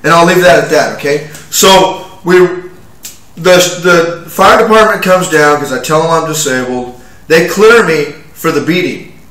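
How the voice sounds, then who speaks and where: A man in his forties recounts events in an agitated, halting way, full of restarts and fillers. His voice sits fairly high and sounds bright and tense. The room around him is echoey and hollow. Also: far from the mic. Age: 40s. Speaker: vlogger telling his own story. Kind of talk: rambling first-person account.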